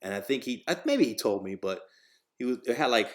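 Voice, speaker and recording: A man's voice: medium pitch, fairly quick. A man hosting a podcast, telling a story in casual, profane talk, acting out the voices of the people in it. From New Jersey, USA. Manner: profane, animated, acts out quoted voices. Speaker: podcast host.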